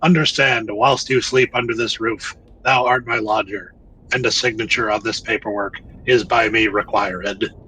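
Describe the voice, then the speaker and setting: A man's voice: on the low side, steady tone, moderate pace, sharp tone, a little hiss or hum, poor audio. A man voicing a stiff, formal landlord who speaks in archaic, theatrical phrasing. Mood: pompous.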